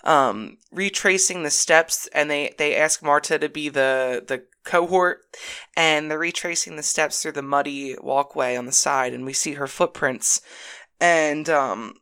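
A woman co-hosting a casual movie review chat, animated and loose, swearing freely and full of fillers and restarts. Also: low voice, measured pace, smooth. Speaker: podcast co-host.

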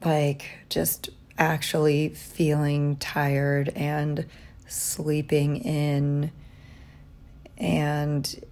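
Low, slow-talking woman, reflective and tired. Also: completely flat delivery. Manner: reflective, halting, soft-spoken. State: tired and sleep-deprived. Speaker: vlogger. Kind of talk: personal diary vlog. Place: hotel room.

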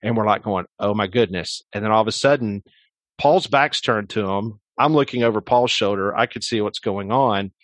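A man's voice: on the low side, normal speed, fairly bright tone, dry recording. Filler-heavy man telling a story. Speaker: sports radio host, guest. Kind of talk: casual storytelling interview.

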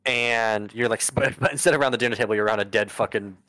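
A man's voice: fairly low pitch, steady tone, quick pace, pushed and bright, no echo, low-quality recording. A man narrating a tabletop game as game master, casual and profane, with lots of ums and uhs.

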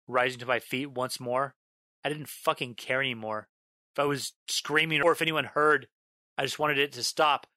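Bright, dry male storyteller narrating horror. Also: medium pitch, steady tone, dry recording. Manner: dramatic, slows down on a repeated line, bursts into yelling.

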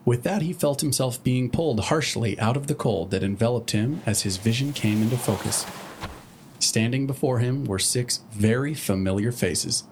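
A man reading a story aloud in a deadpan narrating manner. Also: mid-range voice, moderate pace, a little hiss or hum.

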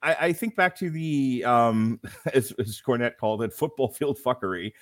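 A man's voice: mid-range voice, normal speed, a bit bright, no room sound, clean studio sound. A man co-hosting a podcast, chatting casually about wrestling with rambling jokes. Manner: jokey, rambling, laughs at his own lines. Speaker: podcast co-host. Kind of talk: casual wrestling review chat.

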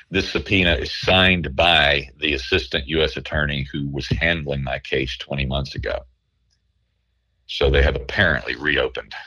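A man speaking as a guest journalist over the phone, tired from lack of sleep, talking haltingly with many restarts. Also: a bass voice, pushed and bright, breathy edge, low-quality recording. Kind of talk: phone interview.

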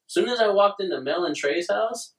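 A man's voice: high-pitched, lively intonation, fairly quick, a bit bright, distant mic. A young man telling crude stories in casual chat, laughing and acting out his own reactions. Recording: roomy sound from off the mic.

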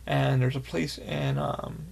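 A man hosting a podcast, telling a rambling, excitable story with lots of swearing and fillers. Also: medium pitch, takes it slowly, creaky. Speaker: podcast host. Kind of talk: casual storytelling.

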